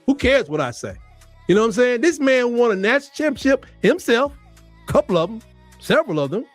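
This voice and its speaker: Man, sports talk host, very high voice, heated rant, repeats himself for emphasis, faint music underneath. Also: a little fast, no room sound. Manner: fired-up, animated, repetitive emphasis.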